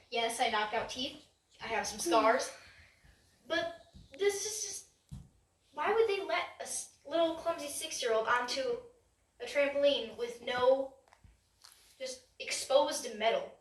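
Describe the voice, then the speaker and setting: A young woman doing a chatty, self-mocking stand-up comedy set, acting out quick voices. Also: high-pitched, reverberant, distant mic, slight background noise, poor audio. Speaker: stand-up comic. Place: stage before a live audience.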